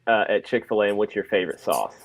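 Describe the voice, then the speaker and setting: A man's voice: fairly low pitch, animated, fast. A man in his thirties co-hosting a casual stream chat, rambling with restarts and jokey asides. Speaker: stream co-host.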